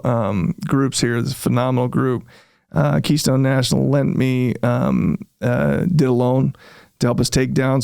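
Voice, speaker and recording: Gravelly-voiced man telling his business story. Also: mid-range voice, no echo, clean studio sound. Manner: animated, reenacts his own past remarks, frequent fillers. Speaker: real estate developer guest. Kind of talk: casual interview storytelling.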